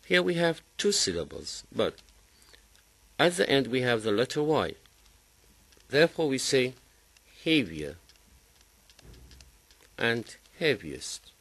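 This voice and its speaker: A man who speaks Kurdish natively, teaching English grammar by slowly repeating and drilling word forms. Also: mid-range voice, sing-song, a bit bright, slightly rough. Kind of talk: language lesson.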